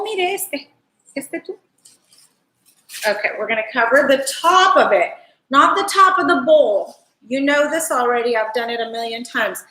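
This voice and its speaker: A woman's voice: high voice, bright, forceful tone. A woman hosting a live cooking stream from her home kitchen, chatting fondly and rambling to her viewers as she works. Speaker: cooking show host. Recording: echoey kitchen.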